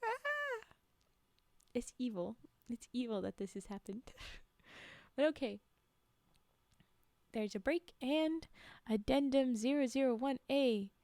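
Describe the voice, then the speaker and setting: A young woman streamer reading spooky stories aloud and chatting with viewers in giggly, animated asides. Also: fairly high pitch, slow, long pauses, dry recording.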